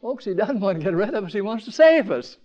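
At a campground meeting, a man delivers a fast, sing-song sermon full of rhetorical questions for the crowd. His delivery rises to emphatic peaks and drops to quiet, low stretches, and the recording's highs are cut off.

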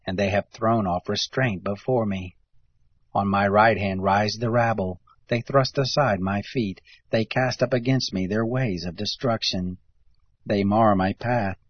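A man with a husky voice giving a steady, measured reading of scripture. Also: on the low side, no room sound. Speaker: scripture reader. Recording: dull lo-fi recording.

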